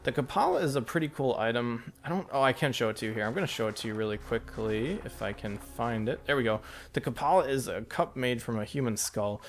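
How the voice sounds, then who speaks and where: A man giving casual let's play commentary, thinking aloud and getting excited at close calls. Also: medium pitch, brisk. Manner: chatty, excitable, thinks aloud about each move. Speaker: gameplay commentator.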